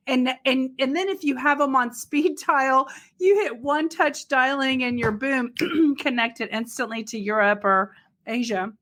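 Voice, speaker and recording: A woman's voice: high-pitched, a little slow, a bit bright. A middle-aged woman hosting a podcast, chatting enthusiastically and exclaiming often. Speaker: podcast host. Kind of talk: casual interview chat.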